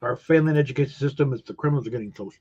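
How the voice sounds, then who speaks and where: A man's voice: medium pitch, racing, a little mellow, husky, dull audio. A man co-hosting a casual chat, rambling and filling his talk with "you know".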